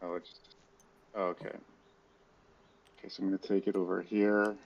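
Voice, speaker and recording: Gravelly low-voiced male player. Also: little pitch movement, moderate pace, a little mellow, muffled recording. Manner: hesitant, many fillers. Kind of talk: casual tabletop game play over voice chat.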